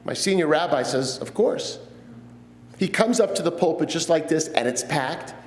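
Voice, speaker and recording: A man in his fifties, a guest rabbi, preaching a sermon and telling stories earnestly, with pauses. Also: fairly high pitch. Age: 50s. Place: church sanctuary. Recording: echoey church sanctuary.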